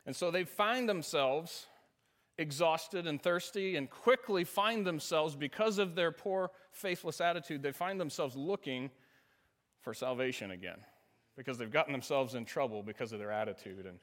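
A man's voice: fairly high pitch, a bit bright. A man preaching a sermon, telling a funny story about a race and laughing often. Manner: storytelling, self-deprecating humor, laughs often. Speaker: pastor.

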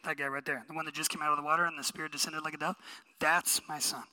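A man voicing God as a proud heavenly father pointing out his son in a crowd, dropping into a low, hurried voice. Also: level tone, pushed and bright, in a large hall.

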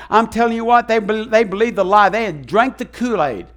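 A man preaching a sermon as pastor, animated and acting out the voices he quotes. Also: sits high, brisk, hardly any pauses.

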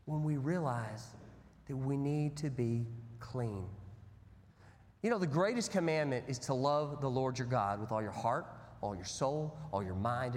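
A man preaching a sermon as pastor, telling stories with big swings between loud bursts and hushed, low passages. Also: a little hiss or hum. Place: church sanctuary. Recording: long hall reverb.

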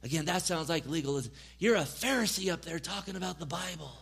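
A man's voice: fairly high pitch, fast talker, vocal fry, fairly bright tone, breathy edge. A man preaching a sermon, reading scripture aloud and pressing his points with emphatic repetition. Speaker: pastor.

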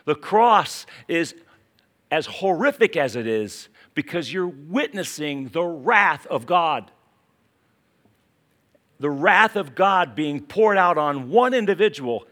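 A man with a West Virginia accent preaching a sermon, dropping to quiet asides and then rising to urgent, emphatic calls. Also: on the high side, animated, measured pace. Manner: dramatic swings from hushed asides to urgent exclamations. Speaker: pastor.

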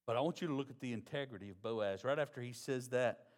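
A pastor, preaching a sermon in a conversational, folksy way. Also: male voice, medium pitch, fast.

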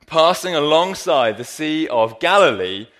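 A man's voice: a little high, lively intonation, unhurried, fairly bright tone. A man preaching a sermon in church on a handheld mic, joking and talking straight to the congregation. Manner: playful, jokey, addresses the congregation directly. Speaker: pastor. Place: church hall.

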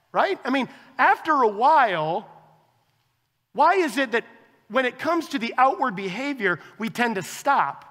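A man preaching a sermon as a pastor, conversational and animated, acting out quoted dialogue with his wife. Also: high voice, big-room sound.

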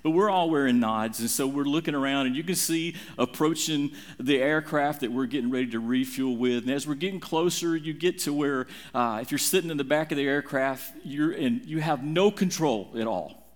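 A middle-aged man preaching a sermon, telling a story with dramatic, animated swings in his voice. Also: moderate pace, few pauses. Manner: animated, dramatic retelling with big swings in pitch. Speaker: pastor.

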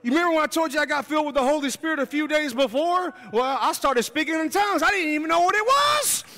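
A man telling his conversion testimony as a sermon, animated and joking, shouting at high points. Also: quick pace. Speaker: preacher giving testimony. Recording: long hall reverb.

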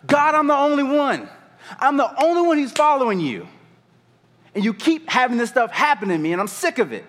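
A man's voice: mid-range voice, very animated, fast talker, bright, forceful tone, big-room sound. A preacher acting out a weary, frustrated male prophet who cries out in exasperation and mockery. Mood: exasperated. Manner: exasperated, pleading, mocking.

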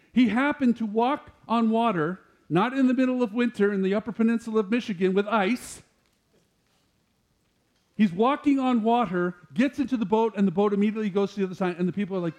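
A man preaching a sermon, animated, growing louder and higher as he quotes scripture. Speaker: pastor.

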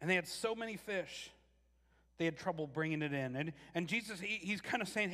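A man preaching a casual, animated sermon, restarting phrases often and acting out quotes. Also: sits high, a little fast, long reverb tail. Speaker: pastor.

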